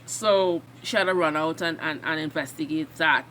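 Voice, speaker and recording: Excitable woman recapping TV episodes. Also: low voice, moderate pace, a little hiss or hum. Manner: excitable and emotional, rambling recap full of fillers. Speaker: reaction video host. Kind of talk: casual TV episode reaction and recap.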